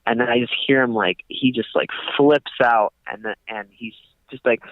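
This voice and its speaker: A man's voice: mid-range voice, fairly even intonation, normal speed, hardly any pauses, no echo. A young man co-hosting a podcast, telling a long story in casual chat with many fillers, over a tinny phone line. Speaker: podcast co-host.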